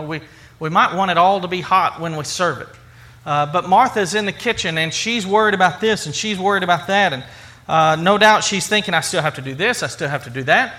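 A male pastor with a high, bright voice preaching in a conversational, repetitive way. He keeps putting rhetorical questions to the congregation. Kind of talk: sermon.

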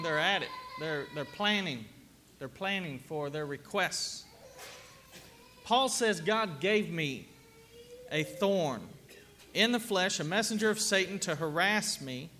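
A man's voice: sits high, a bit bright, a little hiss or hum. A middle-aged man preaching a sermon to a congregation in a conversational way, asking them questions as he goes. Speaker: pastor. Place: church sanctuary with congregation.

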